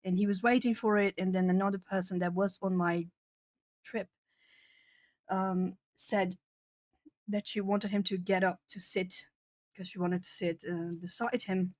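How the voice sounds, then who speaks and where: Woman from southern Brazil, native Portuguese speaker, art stream host; chatty, rambling delivery, mid pitch, dry room. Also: steady tone, measured pace, long pauses, a little mellow, no echo. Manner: chatty, rambling with frequent fillers and laughs. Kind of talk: casual chat with live chat.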